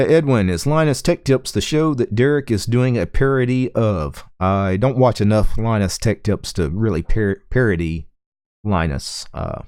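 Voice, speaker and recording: A man chatting casually on a live game stream, reading chat messages aloud and answering them in a relaxed way. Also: fairly low pitch, clean tone, dry recording, studio quality.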